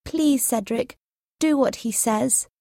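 A woman voicing a frightened young woman who speaks softly and pleadingly in a raised pitch in a storybook reading. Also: big pitch swings, slow, no room sound, studio quality, exaggerated voice. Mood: anxious.

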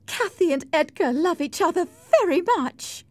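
Woman voicing Isabella, a shrill, distraught young wife. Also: expressive, normal speed, dry recording. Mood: insistent. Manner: high, strained pleading.

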